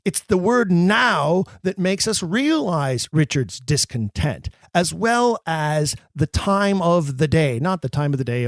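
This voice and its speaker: A man's voice: high-pitched, very animated, slow pace, gravelly, few pauses, dry recording, clean studio sound. A man hosting a podcast, lecturing on how actors should deliver classic verse in an emphatic, theatrical manner. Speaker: podcast host. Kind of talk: scripted lecture on acting Shakespeare.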